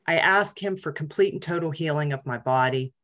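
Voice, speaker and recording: A woman's voice: low voice, brisk, a bit bright. A middle-aged woman giving a candid, casual talk to a support group, self-deprecating and full of ums. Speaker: guest speaker.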